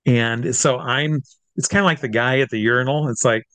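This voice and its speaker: A man's voice: mid-range voice, normal speed, fairly bright tone, no room sound. Man, stage entertainer and interview guest, casual yarn-spinning full of fillers, dry close sound. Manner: chatty, with many fillers and restarts. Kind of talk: casual anecdotal storytelling.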